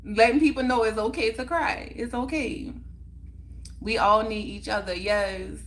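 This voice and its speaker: A woman speaks with a bright, clear tone, hosting a casual livestream chat. She talks in an emphatic, heartfelt way and repeats phrases to drive her point home. A faint hum of room noise sits underneath. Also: fairly high pitch, fairly even intonation, a little slow. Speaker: livestream host.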